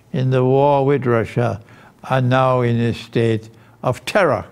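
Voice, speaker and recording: A man giving a recorded Islamic lecture, speaking in deliberate, emphatic phrases with pauses between them. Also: medium pitch, darkish tone.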